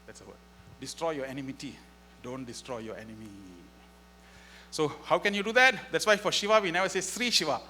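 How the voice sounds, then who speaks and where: Animated man giving a spiritual talk. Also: on the high side, fairly quick, a little hiss or hum. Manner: animated storytelling, acting out dialogue. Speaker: guest speaker. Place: festival hall.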